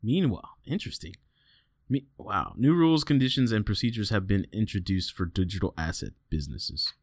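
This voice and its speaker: A man hosting a casual podcast, reading headlines and telling stories in an animated way, swearing freely and laughing often. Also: lowish voice, brisk, no echo, clean studio sound. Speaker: podcast host.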